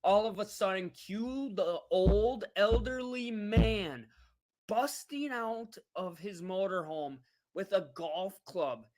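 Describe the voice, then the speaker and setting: On a relaxed livestream, a woman vlogger with a medium-pitched voice slowly recounts a travel story, laughing and lively as she chats with her audience.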